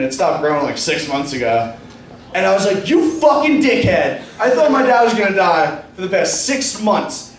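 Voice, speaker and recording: A man doing a stand-up comedy set in a club bar, telling crude stories and acting out what people said. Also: fairly high pitch. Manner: profane storytelling, acting out quoted lines. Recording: echoey room, distant mic, club noise.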